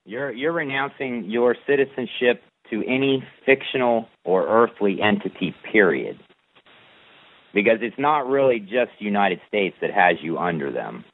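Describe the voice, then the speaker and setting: A man reading a long formal declaration aloud in a measured, deliberate recitation, then answering a caller's questions. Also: fairly low pitch, animated, dry recording. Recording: tinny phone-line radio audio.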